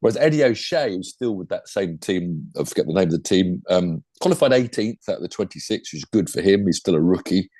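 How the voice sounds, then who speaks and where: Deep-voiced and slightly rough with a dark tone, this older former racing driver talks motorsport on the podcast he co-hosts. He speaks a little fast with lively intonation and hardly any pauses, rambling chattily through plenty of asides in a dry recording.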